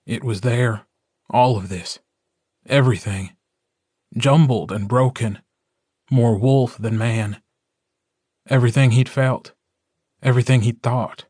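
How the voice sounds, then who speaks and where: A man narrating an audiobook in the first person, reading slowly and deliberately with emotional swells. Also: medium pitch, a little mellow, dry recording, clean studio sound.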